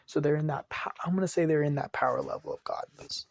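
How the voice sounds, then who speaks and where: A man's voice: fairly high pitch, quick pace, gravelly. A man casually making up a fan story as he goes, hesitant, restarting sentences and sometimes dropping to a whisper.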